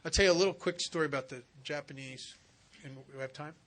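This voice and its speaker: Man speaker at a retreat, earnest and conversational, bright forward voice, a bit high. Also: quick pace. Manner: earnest, conversational with vivid asides. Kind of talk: personal storytelling talk. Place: retreat center talk.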